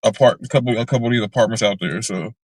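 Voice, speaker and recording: A man co-hosting a podcast in casual chat, chiming in with quick reactions and easy laughs. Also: on the low side, darkish tone, no echo, poor audio. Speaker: podcast co-host.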